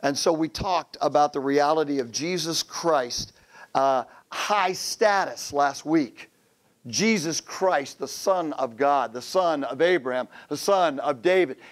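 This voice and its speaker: A man's voice: fairly high pitch, unhurried. A man in his fifties, a pastor giving a joking sermon to men, telling stories and acting out quotes. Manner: humorous storytelling with acted quotes.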